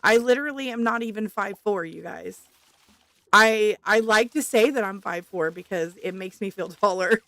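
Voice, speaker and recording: A woman's voice: medium pitch, normal speed, a bit bright, no room sound. A woman streaming a farming game, chatting casually with viewers, reading their messages aloud and laughing often.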